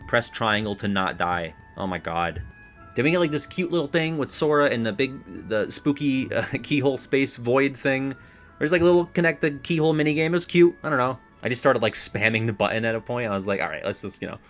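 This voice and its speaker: A young man in casual reaction chat about a video game, rambling and excitable, laughing often. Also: fairly low pitch.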